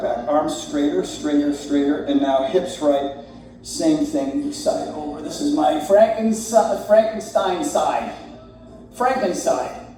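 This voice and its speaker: Laid-back man leading yoga in an echoey room. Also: fairly high pitch. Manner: relaxed, joking, talks while moving through poses. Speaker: yoga instructor. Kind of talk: guided yoga class. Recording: very echoey room, distant mic, faint music.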